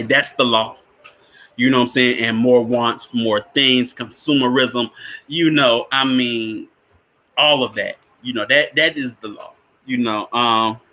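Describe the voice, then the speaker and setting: Man, casual film talk, bright, chuckles, restarts a lot, mid pitch. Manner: rambling with many restarts, chuckles often. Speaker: spiritual teacher discussing a film.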